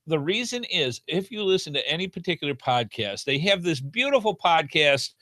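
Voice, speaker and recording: A man's voice: fairly high pitch, big pitch swings, moderate pace, pushed and bright, no echo, clean studio sound. A middle-aged man co-hosting a podcast in a casual chat, with an upbeat, game-show-host way of talking.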